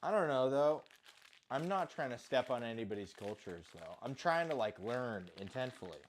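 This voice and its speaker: There's a faint hiss or hum behind this animated, mid-range male voice speaking at normal speed. He's a home cook vlogger rambling through casual kitchen talk as he cooks, making fun of himself and swearing from time to time.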